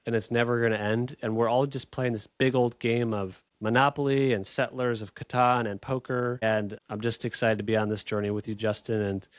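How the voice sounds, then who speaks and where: A man's voice: mid-range voice, steady tone, moderate pace, hardly any pauses, dry recording, clean studio sound. A man hosting a podcast, talking in an upbeat, reflective and chatty way. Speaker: podcast host. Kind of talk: casual podcast chat.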